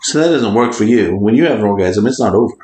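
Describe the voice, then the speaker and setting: A man's voice: on the low side, animated, fast, darkish tone, echoey room. A man co-hosting a podcast in casual chat, crude and teasing. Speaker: podcast co-host.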